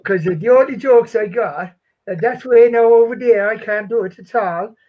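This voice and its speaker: A man's voice: sits high, normal speed, highs cut off. A man from South London with an English accent, chatting as a quiz contestant in a rambling, laughing, self-deprecating way. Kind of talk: casual chat.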